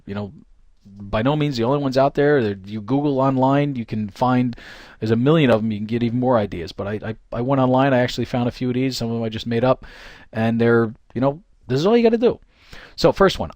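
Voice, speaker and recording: A man's voice: medium pitch, fairly quick, no echo. Chatty motivational man, dry sound. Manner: chatty and animated, many fillers and restarts. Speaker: goal-setting coach. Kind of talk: informal motivational talk.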